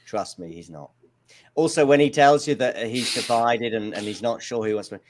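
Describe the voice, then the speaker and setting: A man's voice: mid-range voice, moderate pace. A man hosting a live tennis watchalong, chatting casually and rambling into jokey anecdotes. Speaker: podcast host. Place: home in Lisbon.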